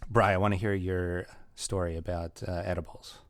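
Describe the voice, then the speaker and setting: Deep-voiced man, dry close sound. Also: level tone, normal speed, no room sound. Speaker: podcast co-host. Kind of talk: casual chat.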